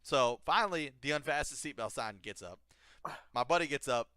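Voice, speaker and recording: Guy on a podcast swearing through a funny story, bright voice, dry close sound. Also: mid-range voice, a little fast, clean tone, no echo. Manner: profane, animated anecdote-telling. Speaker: podcast co-host. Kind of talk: casual comedic storytelling.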